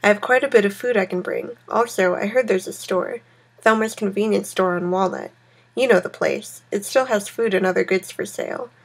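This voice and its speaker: Sleepy breathy young guy on the phone, a lady reading him out, bit of vocal fry. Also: medium pitch, moderate pace. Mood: helpful. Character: young man, tired friend calling by phone.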